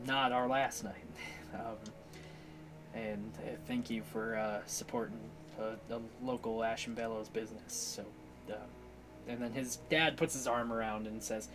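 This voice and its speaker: A man's voice: mid-range voice, steady tone, a bit bright, low-quality recording. Male game master with music behind. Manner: halting, many fillers and restarts. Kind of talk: narrating a tabletop game. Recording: clear music bed behind voice.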